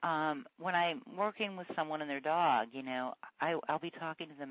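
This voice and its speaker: A man's voice: a little high, fairly quick, no echo. A man hosting a casual chat about dogs, enthusiastic and agreeable. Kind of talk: casual conversation. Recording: muffled lo-fi sound.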